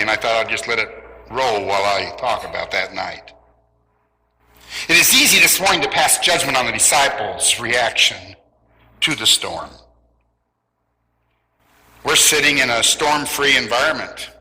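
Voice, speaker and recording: A man's voice: medium pitch, sharp tone, long reverb tail, poor audio. A man preaching a sermon in a church, telling stories with a light, joking touch. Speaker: pastor. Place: church in Southern California.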